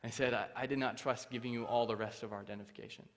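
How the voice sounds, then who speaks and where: A man's voice: medium pitch, steady tone, racing, in a large hall. A young man giving his testimony from a church stage. He tells the story with animation and acts out the other people's voices. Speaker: guest speaker. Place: church hall.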